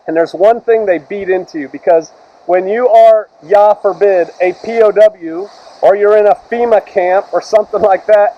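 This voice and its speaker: A man preaching a sermon as pastor, reading scripture slowly and loudly, then retelling it in casual words. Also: sits high, lo-fi sound.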